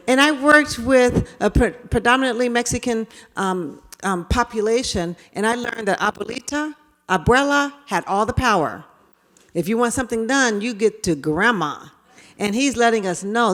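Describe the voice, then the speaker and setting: A middle-aged woman giving an animated storytelling talk on bias to an audience. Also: a little high, measured pace, big-room sound. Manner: animated, acts out quotes. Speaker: speaker on implicit bias.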